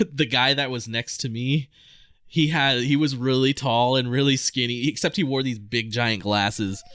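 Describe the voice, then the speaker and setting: A man's voice: medium pitch, fairly even intonation, unhurried, a bit bright, no echo. A man co-hosting a podcast in casual chat, easygoing and reactive, who often laughs. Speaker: podcast co-host.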